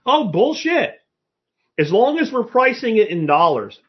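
This podcast host's live stream finds him ranting bluntly and profanely at chat comments, his high-pitched, slightly husky voice swooping in a lively way at a measured pace. The sound quality is dull and lo-fi.

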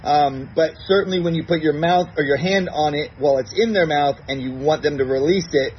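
A man who trains dogs, calmly explaining a routine step by step and acting out his commands in a bright, praising tone. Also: fairly high pitch, fairly quick, dull audio, slight background noise. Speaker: dog trainer. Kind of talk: recorded instructional segment.

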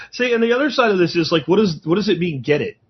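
A man's voice: sits high, husky, muffled recording. A man talking in a blunt, rambling, profane way in a casual podcast chat.

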